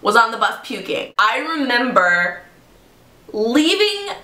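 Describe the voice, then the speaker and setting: Bright, animated woman storyteller. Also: fairly high pitch, slow. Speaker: vlogger. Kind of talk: storytime vlog. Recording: echoey room.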